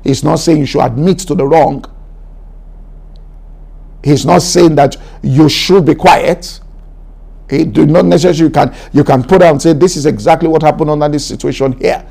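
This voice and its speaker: A man preaching a sermon, exhorting his listeners in a repetitive, emphatic style that climbs higher as he builds. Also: vocal fry, warm tone. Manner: preaching, rising to an emphatic raised pitch. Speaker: pastor.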